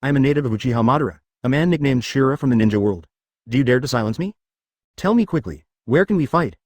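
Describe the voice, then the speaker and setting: A man's voice: medium pitch, animated, fast, no echo, natural voice. A man reading the lines of a furious, arrogant legendary male ninja ghost who hurls insults and threats, in a synthetic storybook voice. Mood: raging.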